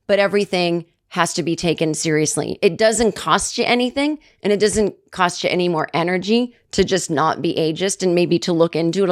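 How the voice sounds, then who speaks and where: A middle-aged woman hosting a solo comedy podcast, ranting and telling stories with sarcastic, animated asides. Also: fairly low pitch, no room sound, studio quality. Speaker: podcast host.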